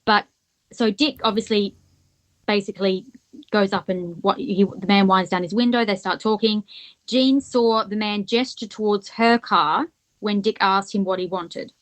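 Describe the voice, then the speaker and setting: A woman's voice: mid-range voice, fairly even intonation, normal speed. A woman co-hosting a podcast, retelling a case at length in casual chat and thinking aloud as she goes. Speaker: podcast co-host. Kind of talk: casual true-crime chat.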